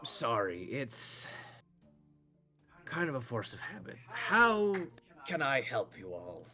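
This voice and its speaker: A man's voice: mid-range voice, very animated, takes it slowly, pushed and bright, faint music behind, heavily acted. A man voicing a burly half-elven, half-dwarven slave dealer who talks in a blunt, defensive way and curses. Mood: brusque. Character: burly elf-dwarf male slave dealer, gruff.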